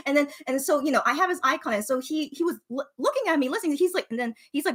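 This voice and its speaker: A young woman chatting casually and telling a story in an animated way, full of fillers like "you know" and "okay". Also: high-pitched, quick pace, few pauses. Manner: animated, filler-heavy, frequent 'you know' and 'okay'.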